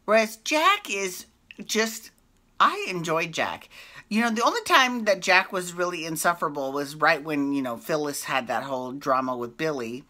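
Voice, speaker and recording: Lively, bright-voiced woman ranting casually. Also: low voice, moderate pace. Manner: animated, profane, gushing. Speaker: soap opera recap host. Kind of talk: casual vlog rant.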